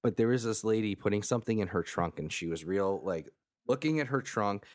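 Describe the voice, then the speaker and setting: A man's voice: lowish voice, expressive, a little fast. A laid-back man in casual podcast chat. He tells his story loosely, stopping to backtrack and add details.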